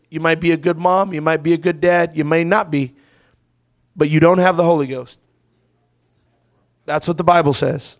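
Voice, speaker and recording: A man preaching an altar call to a congregation, impassioned and rising to loud, fervent preaching, with a folksy "y'all.". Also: fairly high pitch. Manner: uses y'all, ain't. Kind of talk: revival altar call sermon. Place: church service with congregation.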